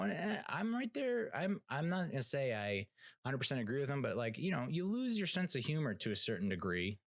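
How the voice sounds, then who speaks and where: A man's voice: medium pitch, a bit bright, no echo, clean studio sound. A man hosting a podcast, talking in a rambling, casual way with lots of fillers and restarts, blunt and sometimes profane. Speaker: podcast host. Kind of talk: casual solo rant and TV review.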